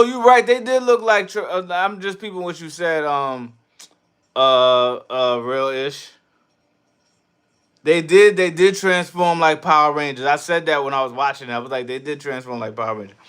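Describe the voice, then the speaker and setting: A man hosting a casual livestream, reading chat and riffing loudly with profane jokes, from New York. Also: a little high, smooth. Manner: loud, profane, laughing riffs.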